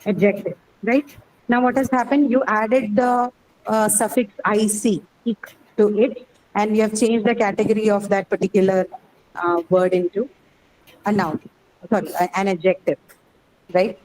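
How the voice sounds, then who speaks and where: A woman's voice: medium pitch, steady tone, moderate pace, a little mellow, poor audio. Woman, English teacher, classroom lecture, patient explainer who keeps asking if the class follows.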